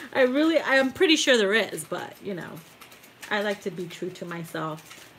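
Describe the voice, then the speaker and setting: A woman's voice: medium pitch, sing-song, unhurried, a bit bright. Chatty woman tarot reader, giggly, swears freely, slight background hiss. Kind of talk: casual live tarot reading. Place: home tarot room.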